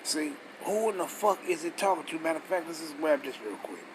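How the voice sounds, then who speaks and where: A man with a fairly high speaking voice leads a casual scripture study. He talks bluntly and curses freely, firing off rhetorical questions between readings. A faint hum sits behind him. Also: animated, brisk. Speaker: scripture teacher.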